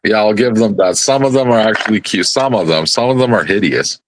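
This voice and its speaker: A man's voice: lowish voice, brisk, a little hiss or hum. A man telling a rambling, profane story in a casual live panel chat.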